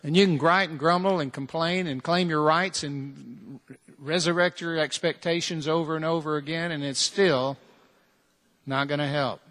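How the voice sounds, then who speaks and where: A man delivers a sermon with a somewhat raised pitch, pressing his listeners with repeated challenges and rhetorical questions. His voice rings out in a large hall with a long, lingering reverb. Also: fairly even intonation, normal speed, fairly bright tone. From United States. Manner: earnest, direct preaching full of repeated challenges and rhetorical questions. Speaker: preacher.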